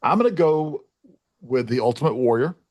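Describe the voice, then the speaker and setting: A man co-hosting a casual podcast, easygoing and unhurried. His voice sits in a middle pitch, recorded dry and close. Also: no room sound. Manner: relaxed, with many fillers and restarts. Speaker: co-host.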